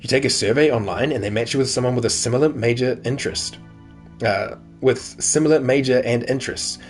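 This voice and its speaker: A man's voice: medium pitch, a little fast, faint music behind, close to an everyday voice. A man voicing an eager teenage daughter. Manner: eager, chatty. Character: enthusiastic teenage daughter, cheerful.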